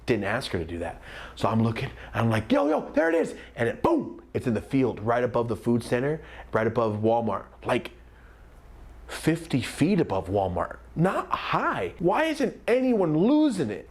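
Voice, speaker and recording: A young man telling a comedic story time, animated and acting out the voices of the people in it. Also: mid-range voice. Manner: animated, acts out quoted voices.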